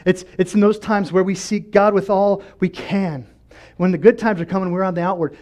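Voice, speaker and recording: A male pastor preaching a sermon with passion, dropping to quiet talk and rising to shouted prayer, often repeating words as he restarts. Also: high voice, steady tone, a little fast.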